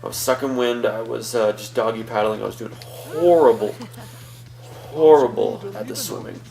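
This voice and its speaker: A man's voice: medium pitch, normal speed, gravelly, warm tone, low-quality recording. A young man hosting a let's-play, chatting casually and rambling through a story with many fillers. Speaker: gaming channel host.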